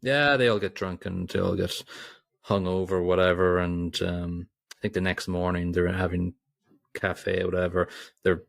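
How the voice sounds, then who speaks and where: Male podcast co-host, low gravelly voice, dry close sound, loose rambling film chat. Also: steady tone, normal speed, no echo. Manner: rambling, many restarts and asides. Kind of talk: casual film review chat.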